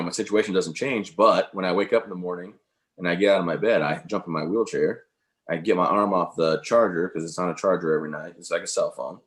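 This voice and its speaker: A man with a very low, deep voice talks casually in an interview. He is upbeat and rambles, full of "you know" and "um." He speaks like he is telling his own story to a friend. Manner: upbeat, rambling, many fillers. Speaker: interview guest, veteran speaker.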